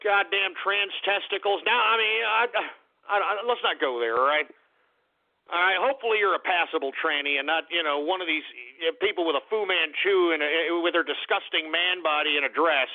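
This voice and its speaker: A man from Texas hosting a call-in radio show, loud and blustering, trading insults with callers. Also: fairly high pitch, fairly quick. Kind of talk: brash call-in radio banter. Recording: phone-like lo-fi radio broadcast.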